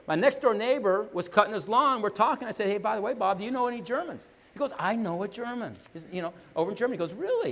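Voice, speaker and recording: A man giving a motivational seminar talk, telling a story and acting out the dialogue, often checking in with the audience. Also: sits high. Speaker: motivational speaker.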